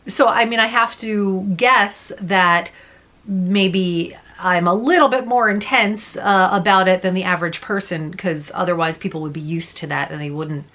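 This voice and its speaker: A young adult woman who works as a voice-over artist and teacher, talking casually to camera and explaining with lively hand gestures. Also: fairly low pitch, moderate pace. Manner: animated, gestures with her hands while talking.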